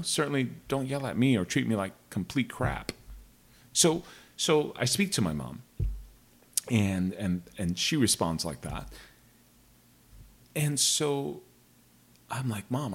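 A man's voice: medium pitch, sing-song, a little slow, pauses often, slightly rough. A man telling a personal story in a casual, rambling monologue to his viewers. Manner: rambling, digressive, frank.

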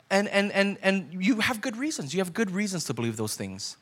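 Man, pastor, high-pitched, conversational sermon, acts out listeners' doubts. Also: sing-song, fairly quick, few pauses, a bit bright, husky.

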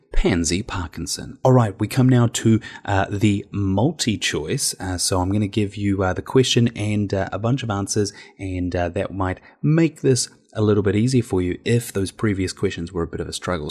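A man's voice: fairly low pitch, a little mellow, breathy edge. Casual man reading out trivia. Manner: casual, teasing quizmaster with filler "uh"s. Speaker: podcast quiz host.

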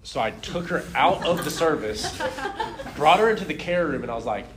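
A young man telling a personal faith testimony in a casual, animated way, laughing often and filling his talk with "like". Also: a little high, moderate pace, a crowd in the background. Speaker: speaker sharing a testimony.

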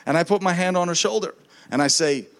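A man preaching as a minister, telling a lively testimony story and acting out the voices of the people in it, often with a laugh. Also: high-pitched, fast talker. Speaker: traveling minister.

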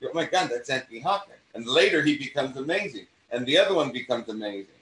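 A man with a mid-Atlantic accent, an acting teacher talking in an interview, animated and given to restarting his sentences. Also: mid-range voice, fast talker, slight background noise. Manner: animated, repeats and restarts phrases. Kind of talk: conversational interview. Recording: roomy sound from distance.

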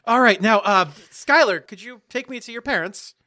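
A man voicing a fussy middle-aged witch mother, brisk and motherly. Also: very high voice, pushed and bright, pitched above the performer's own voice.

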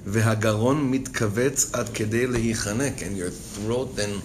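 At normal speed, with a little hiss or hum in the audio, a man reads Hebrew passages in a Torah class and then translates and explains them expressively, getting higher and louder as his feelings build.

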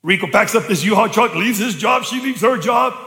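Middle-aged guy pastor preaching, high bright voice, acts out all the dialogue, big echoey church hall. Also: brisk, faint music behind. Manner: animated storytelling, acting out dialogue, shouting for emphasis. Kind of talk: storytelling sermon. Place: church sanctuary.

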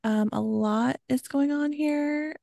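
A playful woman co-hosting a casual podcast, from Georgia and southern Maryland, bantering and joking as she presents her research. Her voice sits a little high with a gravelly texture, and it is recorded dry and close. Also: slow pace, dark tone, no room sound. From Georgia and southern Maryland, USA. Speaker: podcast co-host. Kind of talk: casual chat.

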